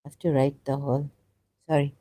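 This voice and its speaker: Woman, low voice, mellow tone, halting and emotional. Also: flat delivery. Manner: emotional, searching aloud, halting with fillers. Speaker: ex-Muslim commentator. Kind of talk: casual commentary reading scripture.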